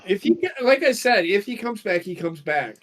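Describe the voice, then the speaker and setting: A man's voice: high-pitched, sing-song, moderate pace. Blunt, opinionated man in casual chat. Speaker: podcast co-host.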